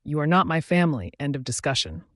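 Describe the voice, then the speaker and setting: A man's voice: a little high, sing-song, fast, no echo, clean studio sound. A man voicing a rich young husband, curt and bitter, reading the role in an audiobook.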